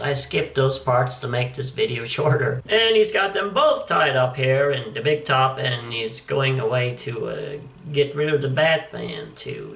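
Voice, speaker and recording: A man's voice: mid-range voice, creaky, sharp tone, slight background noise. Wry chuckling man reviewing comics. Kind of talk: casual commentary. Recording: echoey room, distant mic.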